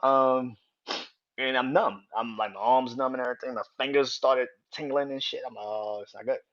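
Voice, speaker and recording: On his own podcast, a host with a medium-pitched, fairly bright voice keeps a normal speed and fairly even intonation. He casually rambles through a personal story, repeating himself, swearing freely and often chuckling, in a dull lo-fi recording.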